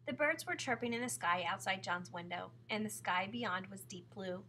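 A woman narrating a children's book chapter in clear, steady storytelling. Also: mid-range voice, moderate pace, a little hiss or hum, low-quality recording.

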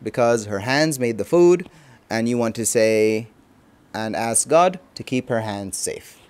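A man gives a casual language lesson. He explains each phrase slowly, repeats it, and chuckles now and then. His voice sits at an ordinary middle pitch. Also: animated, darkish tone, smooth. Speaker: language teacher.

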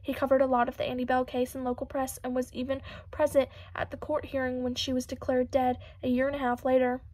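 High, even-toned woman narrating a story. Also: quick pace. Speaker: audiobook reader. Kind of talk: scripted audiobook narration.

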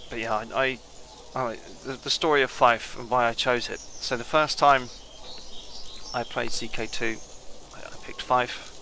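A man with a gravelly, crackling voice that still cuts through bright and forceful. He chats casually over his game, thinking aloud and drifting off mid-thought as he weighs each choice. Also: medium pitch, steady tone, measured pace. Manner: musing, thinking aloud, trailing off. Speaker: gameplay commentator. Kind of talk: casual let's-play commentary.

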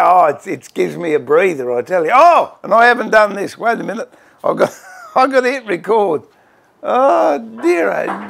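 A middle-aged man with an Australian accent, chatting on a casual livestream. His voice is gravelly and his pitch swings widely, and he talks at an unhurried pace. He greets viewers by name with easy, self-deprecating humour. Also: a bit bright. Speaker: woodworking livestream host.

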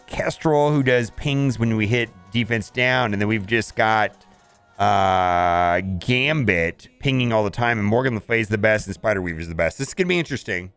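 A man's voice: medium pitch, a bit bright. A man casually commenting on a mobile game as he plays, thinking aloud and often saying "all right".

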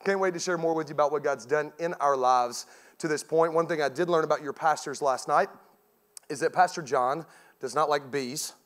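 A man in his thirties, a guest pastor, preaching a sermon with lively storytelling and bursts of laughter. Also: on the high side, normal speed.

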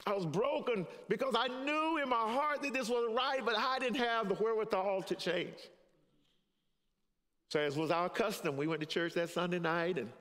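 A man's voice: high-pitched, moderate pace. Older male pastor preaching in a reverberant church. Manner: confessional storytelling, chuckling through it; swings from hushed to raised, preacherly. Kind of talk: sermon with personal testimony. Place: church sanctuary. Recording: long hall reverb in a church.

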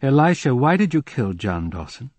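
A man's voice: mid-range voice, big pitch swings, normal speed, a little mellow, no room sound. A man voicing an insistent male questioner in an audiobook, pressing with repeated questions.

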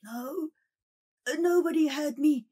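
A woman voicing a terrified man who gasps out his words in a high, frantic voice. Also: big pitch swings, drawn-out words, warm tone, breathy edge, exaggerated voice. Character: terrified man fleeing a ghost, panting.

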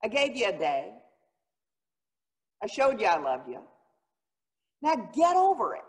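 A woman preacher voicing God as blunt and exasperated, speaking briskly and without fuss. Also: medium pitch, huge pitch swings. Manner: brisk, no-nonsense. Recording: long reverb of a church hall.

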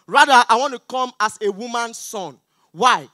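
High, bright-voiced Nigerian comedian. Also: male voice, normal speed, no echo. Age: young adult. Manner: loud, pleading and mock-outraged with the crowd. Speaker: stand-up comedian. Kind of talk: stand-up comedy set. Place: auditorium stage.

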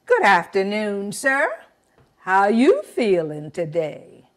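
A woman voicing a male buzzard, a smooth-talking trickster with oily, polite courtesy. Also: mid-range voice, wildly swooping pitch, slow. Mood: sly courtesy.

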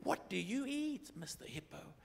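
A man voicing a chatty, curious male wide-mouthed frog in a joke he tells, with a squeaky, breathy voice that rises very high. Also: sing-song, normal speed, a little hiss or hum, full character voice.

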